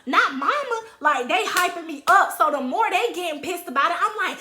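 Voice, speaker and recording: A young woman in her twenties telling a story in a casual vlog, animated and dramatic, with acted quotes. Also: very high voice, a little fast. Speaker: vlogger. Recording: roomy echo.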